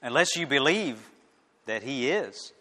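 A male preacher delivering a sermon in a slow, deliberate cadence, his voice sitting a little high and rising and falling with lively pitch. He swings between loud declarations and hushed lines, with a long reverb trailing behind him as in a large hall.

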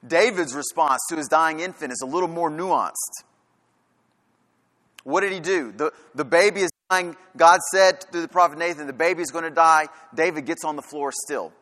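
A man with a somewhat high, bright, forceful voice delivers a sermon from the pulpit. He drives his points home with rhetorical questions and repeated lines. His voice carries a long reverb through a big church hall. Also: normal speed. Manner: preaching with rhetorical questions and emphatic repetition. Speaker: pastor.

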